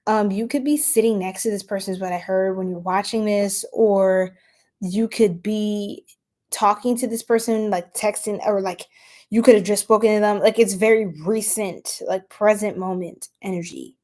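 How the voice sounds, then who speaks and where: A woman's voice: mid-range voice, fairly even intonation, moderate pace. Chatty woman doing a casual tarot reading. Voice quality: chatty, laughs often, drifts into soft whispers. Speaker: tarot reader.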